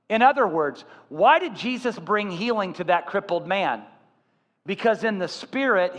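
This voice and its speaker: A man preaching a sermon as pastor, telling stories with animated voices. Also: sits high, in a large hall. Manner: animated storytelling, acting out voices.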